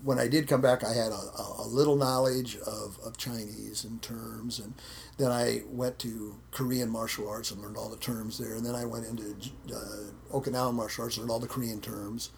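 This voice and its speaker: A man's voice: medium pitch, flat delivery, normal speed, vocal fry, slight background noise. A man, a martial arts instructor, telling stories in a casual interview, repeating words and acting out quotes. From United States.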